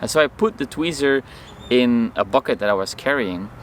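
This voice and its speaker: A man vlogging outdoors, telling a personal story to camera in an animated way and acting out the lines of people in it. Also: medium pitch, moderate pace, slight background noise. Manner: animated, acts out his own and others' lines in the story.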